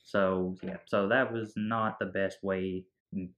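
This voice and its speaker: On dull-sounding audio, a male movie podcast co-host casually recaps a film scene by scene, acting out the characters' lines along the way. His voice is low-pitched and fairly bright, with a level tone and slow delivery.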